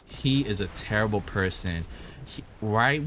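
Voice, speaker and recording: Young man, low-pitched, heated storyteller, swears freely; faint noise behind. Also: a little slow, a bit bright. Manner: angry ranting with heavy cursing. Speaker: vlogger.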